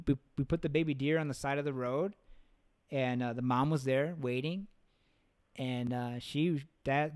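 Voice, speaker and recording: A man's voice: mid-range voice, clean tone. A man hosting a podcast, telling rambling stories in casual chat, swearing freely. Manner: rambling, profane storytelling. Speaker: podcast host.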